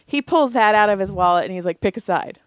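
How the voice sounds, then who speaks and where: A woman's voice: medium pitch, lively intonation, quick pace, clean tone, no room sound. A middle-aged woman co-hosting a podcast, telling a family story in a chatty, profane way and acting out the dialogue. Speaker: podcast co-host. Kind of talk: casual chat.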